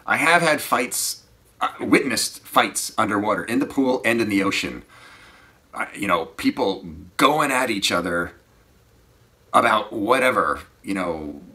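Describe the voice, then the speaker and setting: Low-voiced, rambling scuba instructor. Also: male voice, slow pace. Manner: animated, rambling, often trails off quietly. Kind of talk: casual anecdotal storytelling.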